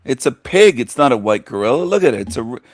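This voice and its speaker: A man's voice: medium pitch, very animated, fast talker, no room sound, studio quality. A middle-aged man hosting a show, giving crude, sneering reaction commentary. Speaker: host.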